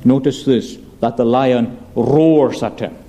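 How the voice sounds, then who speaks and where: A male preacher giving an earnest expository sermon, asking rhetorical questions and reading scripture aloud slowly. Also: mid-range voice, mellow.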